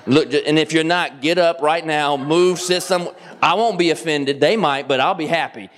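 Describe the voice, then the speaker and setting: A middle-aged man from Kentucky with a Southern accent, preaching as a guest pastor, joking and swinging his pitch up for emphasis. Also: normal speed. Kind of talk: sermon. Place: church sanctuary. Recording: long church reverb.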